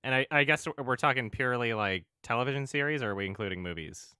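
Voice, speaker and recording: A man co-hosting a casual podcast, his voice bright and clean with a crisp edge. He sounds relaxed and laughs easily, and he often trails off into fillers. The mic is close and dry. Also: medium pitch, quick pace, no room sound. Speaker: podcast co-host.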